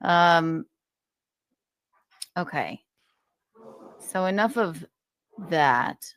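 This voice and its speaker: A woman's voice: fairly low pitch, lively intonation, drawn-out words, a bit bright, no echo, clean studio sound. A woman in a heated casual rant, rambling and profane, recounting a feud.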